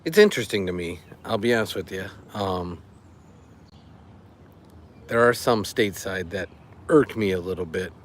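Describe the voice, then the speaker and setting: Man, middle-aged, from the Chicago area, deep-ish voice, casual livestream host, chatty and relaxed. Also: normal speed, long pauses, slight background noise. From Chicago area, USA. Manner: relaxed, chatty, rambling with fillers. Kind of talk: casual live-stream chat with viewers.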